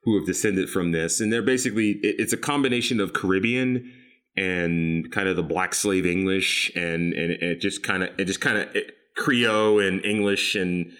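A man's voice: sits low, moderate pace, fairly bright tone. A man from South Carolina, a podcast guest, talking casually and rambling, with frequent laughs. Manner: laid-back, rambling, laughs often.

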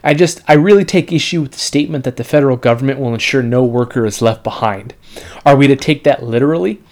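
A man's voice: mid-range voice, quick pace, darkish tone. A man hosting a casual political podcast, sarcastic and rambling, full of "you know" fillers. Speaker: podcast host.

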